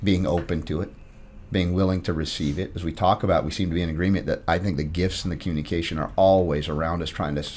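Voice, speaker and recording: A man's voice: sits low, fairly even intonation, fast talker, a little mellow. A man talking as a podcast guest in a thoughtful, philosophical way, reflecting on spiritual ideas. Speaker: podcast guest, health broadcaster. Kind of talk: reflective conversation.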